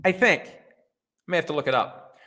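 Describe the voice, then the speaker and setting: A man's voice: on the high side, brisk, pushed and bright. A middle-aged man hosting a sports talk show, giving blunt, sarcastic opinions with casual swearing. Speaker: host.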